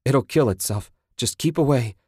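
A man's voice: sits low, normal speed, no room sound, studio quality, lightly acted. A man voicing a shaken young man who pants, shivers and sobs as he speaks. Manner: panting, shaky and sobbing. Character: shaken, battered young man, near breaking.

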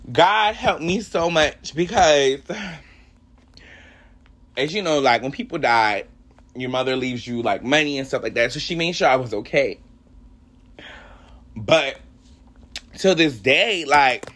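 A man's voice: on the high side, expressive, measured pace, long pauses, fairly bright tone. A young adult man hosting a solo podcast, telling a personal faith story in an emotional, rambling, heartfelt way. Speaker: podcast host.

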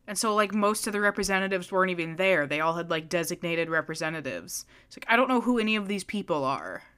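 Smooth-voiced young woman chatting. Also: on the low side, expressive, fast, a bit bright. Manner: chatty, offhand, joking. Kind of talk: casual chat.

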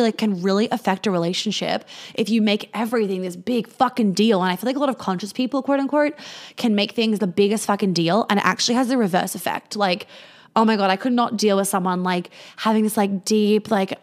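A woman with a mid-range voice, talking a little fast, hosts a livestream answering viewer questions. Her advice is blunt and casual, full of swearing and fillers, and she acts out sample replies in a lighter voice.

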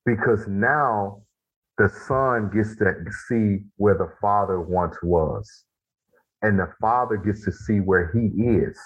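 A man talking about his own childhood and healing in a casual, heartfelt conversation, reflective and deliberate. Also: on the low side, slightly rough. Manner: reflective, slow and deliberate when making a point. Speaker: guest, author of a men's journal. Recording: tinny phone-like line.

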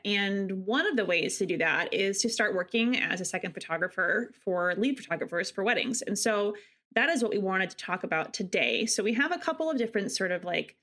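A woman's voice: mid-range voice, lively intonation, fast talker, a bit bright. A woman hosting a podcast in a casual chat, talking about her work as a wedding photographer in a giggly, easygoing way. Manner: chatty and giggly, with fillers like "like".

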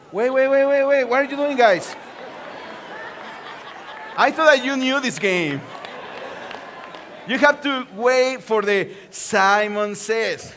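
A man's voice: high-pitched, sharp tone. A man from Mexico, a Spanish speaker with a Mexican accent, preaching a playful sermon and joking with his congregation. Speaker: pastor. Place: church auditorium.

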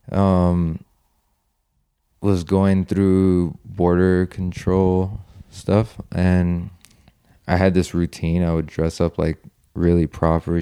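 A man's voice: a bass voice, mellow, smooth, no room sound, studio quality. A young man casually telling a long story as an interview guest, laid-back and swearing freely. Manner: laid-back, swears freely, acts out other people's lines.

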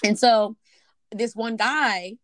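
Woman telling an animated story. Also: on the high side, takes it slowly, dry recording. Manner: animated, swears casually, acts out quoted dialogue. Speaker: podcast co-host. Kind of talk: casual chat, storytelling.

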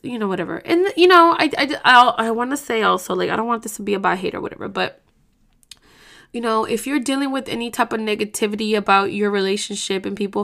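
With a gravelly, fairly high and slightly bright voice, this woman runs a casual podcast monologue. She comes across heated and blunt, cursing often, getting emotional, and rambling as she restarts her sentences.

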